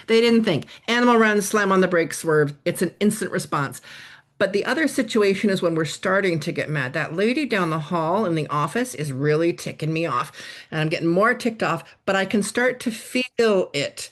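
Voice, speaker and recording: Speaking a little fast in a mid-range voice, this middle-aged woman fields interview questions about workplace stress as the guest expert. Her answers come as lively stories, with quoted lines performed aloud.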